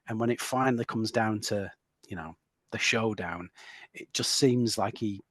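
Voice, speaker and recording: A man's voice: on the low side, normal speed, no room sound. A man hosting a film podcast, chatting casually with lots of restarts and tag questions. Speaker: podcast host.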